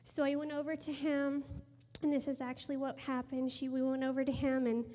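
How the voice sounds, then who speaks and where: A woman in her thirties giving an earnest sermon testimony and prayer to a room, telling stories and dropping to a hushed voice for emphasis. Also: high-pitched, level tone, a little fast. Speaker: speaker sharing a testimony. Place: room with a gathered audience. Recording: long hall reverb.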